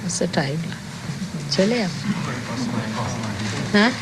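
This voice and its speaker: A woman's voice: medium pitch, lively intonation, rapid-fire, heavy background noise. An older woman speaking as a spiritual teacher, giving an emphatic talk to an audience and repeating key phrases.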